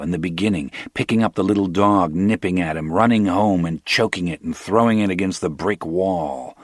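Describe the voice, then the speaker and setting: A man narrating a crime audiobook, in a measured, rhythmic storytelling style with slowed emphases. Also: low voice, no echo, studio quality.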